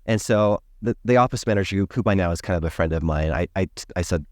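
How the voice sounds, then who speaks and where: A man who works as a dental hygienist, a podcast guest telling an animated story and acting out the people in it. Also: deep voice, quick pace, hardly any pauses, no room sound, studio quality. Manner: emphatic, acts out the people in his stories.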